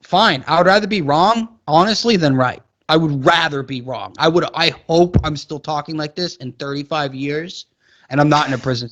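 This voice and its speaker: A young man co-hosting a podcast, talking in casual political banter, animated and ranting, with mock quotes. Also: moderate pace. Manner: animated, rants with rising pitch and mock quotes. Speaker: podcast co-host.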